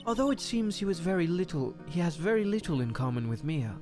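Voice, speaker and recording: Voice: medium pitch, animated, a little fast, darkish tone, soft background music, voice pushed up, lightly acted. A streamer voicing a cold, proud woman prosecutor in a courtroom video game. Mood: haughty. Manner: aloof, haughty. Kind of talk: live-streamed game voice-over.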